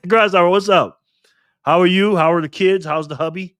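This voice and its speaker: A man's voice: fairly high pitch, lively intonation, brisk, fairly bright tone, no echo, studio quality. A man hosting a casual live stream, reading the chat aloud and talking back to viewers in an upbeat, chatty way. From Nevada.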